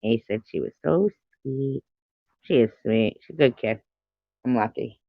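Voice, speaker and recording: Speaking unhurriedly in a very deep voice, a middle-aged woman reads her livestream chat aloud, laughing a lot and cursing without restraint. There's no room sound, but the home-stream recording is dull and lo-fi.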